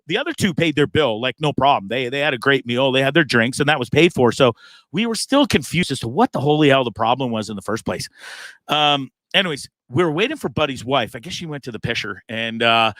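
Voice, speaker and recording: A man hosting his own live show spins a long story in a casual, animated way, swearing freely and acting out the other people involved. His voice is mid-range and the recording is dry.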